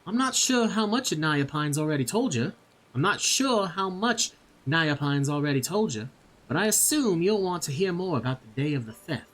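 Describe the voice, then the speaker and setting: A man's voice: a little high, expressive, moderate pace, a bit bright, voice pushed up. Loashkana: a man voicing a shy village woman in a Southern drawl. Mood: earnest. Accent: put-on American Southern. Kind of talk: reading game dialogue aloud.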